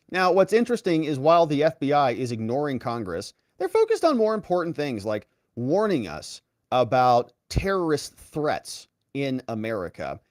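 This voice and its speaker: A man's voice: mid-range voice, darkish tone, dry recording, studio quality. A man hosting a political commentary show, reacting to clips with sarcasm and mocking put-on voices.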